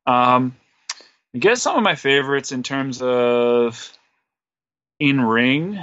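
Bright-voiced rambling guest, dry lo-fi sound. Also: male voice, medium pitch, animated, takes it slowly, no room sound. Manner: rambling, filler-heavy, self-deprecating. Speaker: podcast guest, wrestler and musician. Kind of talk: casual interview storytelling.

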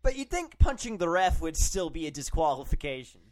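Wry man with a lively voice. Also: on the high side, fairly quick. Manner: wry, sarcastic, laughs easily. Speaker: podcast co-host. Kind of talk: casual chat.

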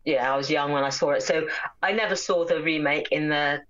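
A woman's voice: low-pitched, a little fast, fairly bright tone, highs cut off, slight background noise. A woman joining a casual film chat with brief, chatty remarks.

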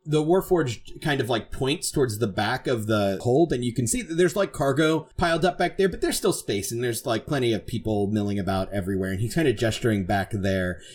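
A man's voice: medium pitch, a little fast, hardly any pauses, darkish tone, a little hiss or hum. A man narrating as game master in a tabletop game, with a loose, filler-heavy style.

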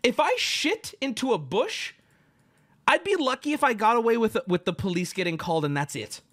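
A man hosting a stream, telling a crude story in a loud, animated rant and acting out the other people in it. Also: very high-pitched, normal speed. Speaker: streamer host.

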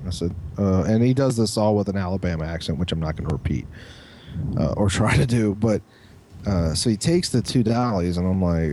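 A man co-hosting a podcast, telling a profane, animated story with lots of restarts. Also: low-pitched, a little fast, a little hiss or hum. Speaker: podcast co-host. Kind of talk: casual storytelling chat.

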